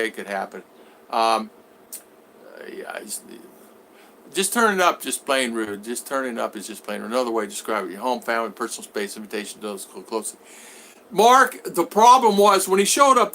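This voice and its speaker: Animated bright-voiced male vlogger. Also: a little hiss or hum. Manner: animated, acts out both sides of conversations in a higher voice. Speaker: vlogger answering live chat. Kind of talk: rambling live-stream chat.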